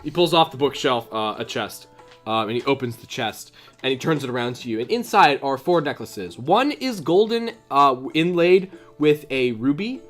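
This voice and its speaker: A man's voice: mid-range voice, expressive, normal speed. A man narrating a tabletop game as game master, rambling with many fillers and breaking into character voices. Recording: faint background music.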